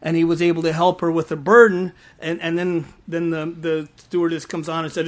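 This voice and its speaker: A man preaching a sermon in a church before a congregation, his voice quite high for a man. He tells stories in a loose, chatty way, often restarting his words and teasing listeners with a laugh. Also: level tone, brisk.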